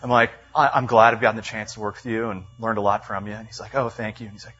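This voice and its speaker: In a church meeting room, a man with a lowish voice gives a storytelling sermon at a quick clip, animated and full of fillers, acting out the quotes in his tale. The sound is lo-fi.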